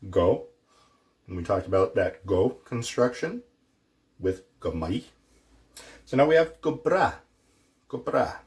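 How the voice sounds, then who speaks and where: A man teaching a casual, playful language lesson, acting out little mock dialogues with a student. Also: on the low side.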